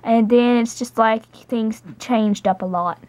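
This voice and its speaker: A woman's voice: on the high side, fairly even intonation, unhurried, a little mellow, lightly acted. A woman voicing an earnest male toy character who explains things plainly. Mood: wistful.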